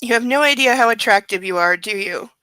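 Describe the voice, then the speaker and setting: Possessive brooding young rich man, intense murmur, read by a woman in her own voice; bright, dry sound. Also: a little high, a little fast, no room sound, rough recording. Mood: tender.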